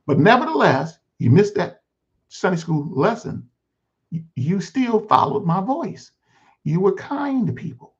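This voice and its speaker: A man's voice: high voice, very animated, a little slow, pitched above the performer's own voice, heavily acted. A man voicing God as a patient, fatherly male Lord who coaxes and repeats himself in a one-man sermon skit. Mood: coaxing. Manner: coaxing, pastoral, repeats himself. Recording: dull lo-fi recording.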